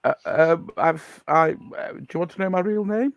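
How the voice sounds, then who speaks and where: A man's voice: a little high, moderate pace, vocal fry, no room sound, muffled recording. A man chatting as a guest on an online stream, hesitant and full of ums. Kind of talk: casual chat.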